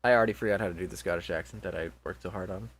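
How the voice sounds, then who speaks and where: A man's voice: deep voice, rapid-fire, fairly bright tone. A man casually reading a visual novel aloud and joking between lines, laughing often.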